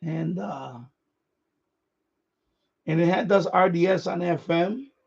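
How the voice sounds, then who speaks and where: A man's voice: high voice, takes it slowly, vocal fry, slightly rough, lo-fi sound. A man hosting a radio hobby live stream, chatting casually in a rambling way, repeating himself and chuckling often.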